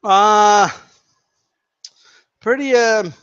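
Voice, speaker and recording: A man with a high voice rants to his viewers, heated and mocking, swearing freely and hammering his points through repetition. The sound is dull and lo-fi. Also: extremely slow, fairly bright tone, smooth, no echo. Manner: heated, profane, mocking, repeats himself. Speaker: boxing commentator vlogger. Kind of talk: casual rant to viewers.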